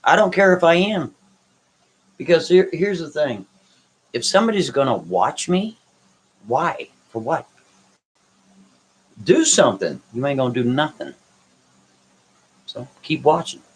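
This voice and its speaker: Hosting a live stream, a man reads the chat and answers viewers' comments in a blunt, brash, dismissive way. His voice sits on the high side with big swings in pitch, and he speaks unhurriedly, pausing often, sounding slightly rough. The recording quality is low.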